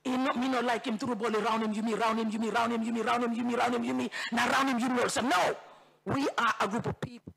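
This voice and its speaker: A woman's voice: on the high side, fairly even intonation, fast, gravelly, fairly bright tone. A woman with a Papua New Guinean accent, a member of parliament, gives a fiery, repetitive, rallying speech in the parliament chamber. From Bougainville, Papua New Guinea.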